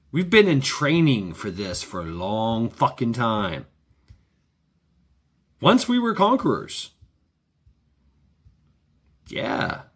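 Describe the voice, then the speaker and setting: A man talking in a casual, rambling monologue, sardonic and profane, chuckling often. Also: medium pitch. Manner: wry. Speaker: vlogger.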